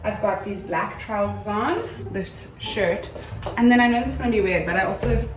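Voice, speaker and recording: A woman's voice: medium pitch, normal speed, echoey room, low-quality recording. Chatty young woman vlogging at home. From South Africa. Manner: chatty, rambling, animated storytelling. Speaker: vlogger and actor. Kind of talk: casual vlog chat. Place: room at home.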